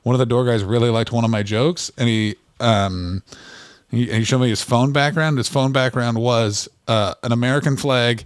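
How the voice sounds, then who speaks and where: Male comedy podcast co-host, deadpan absurd riffer, dry close mic, mid pitch. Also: normal speed, smooth, no echo. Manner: deadpan absurd riffing, jumps into silly voices. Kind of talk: casual comedic banter.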